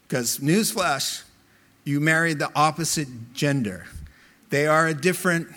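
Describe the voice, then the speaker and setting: A middle-aged man preaching a sermon in a bright, high voice that carries. He speaks slowly and deliberately, then turns emphatic and animated when he tells a story. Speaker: pastor.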